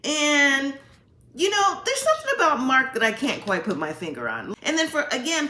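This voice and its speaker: A woman's voice: a little high, pushed and bright, echoey room. A woman hosting a casual recap, retelling scenes in a chatty storytelling way and acting out the quotes. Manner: chatty storytelling, acts out quotes with "like" and "you know". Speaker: reality TV recap host.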